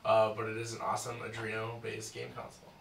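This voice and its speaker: Bright-toned man explaining a gadget. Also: fairly low pitch, completely flat delivery, fast talker, creaky. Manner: explanatory, enthusiastic. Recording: roomy, distant mic with faint noise.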